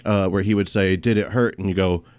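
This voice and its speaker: Low-voiced man hosting, dry sound. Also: steady tone, a little mellow, clear, resonant tone, no room sound. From raised in a preacher's family. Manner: laughs through his stories, quick asides. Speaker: podcast host. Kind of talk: casual comedic chat and storytelling.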